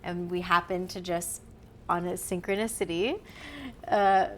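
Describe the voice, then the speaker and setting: Podcast guest, female, slightly low voice, animated and giggly storyteller, faint hiss behind. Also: measured pace. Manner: animated, laughs often, acts out quotes. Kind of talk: casual storytelling chat.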